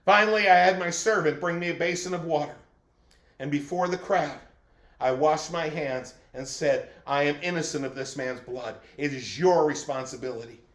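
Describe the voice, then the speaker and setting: A torn, fearful Roman governor, as a preacher portrays him questions himself in an anguished inner monologue. The voice sits fairly high for a man and rings in an echoey church room, with a dramatic first-person telling. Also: normal speed, fairly bright tone, natural voice. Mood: troubled.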